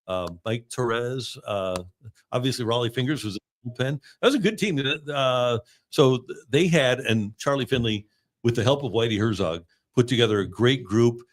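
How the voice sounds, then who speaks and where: A man in his sixties hosting a sports talk show, reminiscing in a relaxed, halting way with many fillers. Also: mid-range voice, no room sound. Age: 60s. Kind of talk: casual sports radio chat. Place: radio studio.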